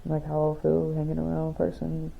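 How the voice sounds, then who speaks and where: Quiet sleepy young woman vlogging, flat steady voice, sounds like a phone call with a little hiss. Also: low-pitched, fairly quick, vocal fry. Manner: soft-spoken, quiet and sleepy. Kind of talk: casual video diary, reading her own letter aloud.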